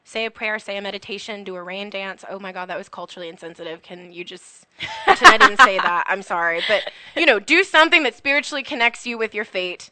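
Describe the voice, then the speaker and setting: A woman's voice: mid-range voice, lively intonation, quick pace, sharp tone, no room sound. A young woman from Florida, a podcast guest, talking in a chatty, emotional, jokey way with lots of fillers. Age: young adult. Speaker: podcast guest, film student. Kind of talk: casual chat.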